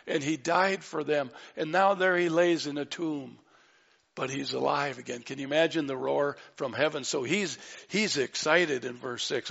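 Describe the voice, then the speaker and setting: Man, pastor, fervent sermon, gravelly voice, dull sound, long reverb. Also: fairly high pitch, fairly bright tone. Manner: fervent, rising to exclaim scripture.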